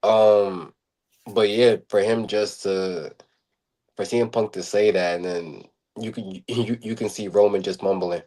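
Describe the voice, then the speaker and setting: Low-voiced man rambling on a podcast. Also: steady tone, normal speed, darkish tone. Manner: rambling, filler-heavy, repeats words. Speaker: podcast co-host. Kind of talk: casual chat.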